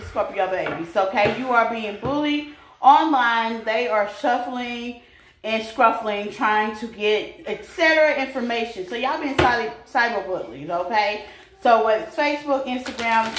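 A woman giving a casual, chatty tarot reading to her viewers, laughing often and calling them babies. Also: fairly high pitch. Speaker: tarot reader. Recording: echoey room with faint noise.

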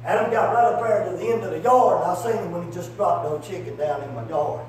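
Folksy preacher, very high voice. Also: male voice, fast talker. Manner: folksy, rambling, fills with "man" and "buddy". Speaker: evangelist. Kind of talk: sermon with storytelling. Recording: echoey hall from far off, faint hum.

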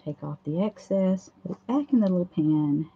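A hoarse woman hosts a casual craft livestream, chatting through each step as she works at a home craft table. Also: on the low side, lively intonation, normal speed, background noise. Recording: dull lo-fi livestream audio.

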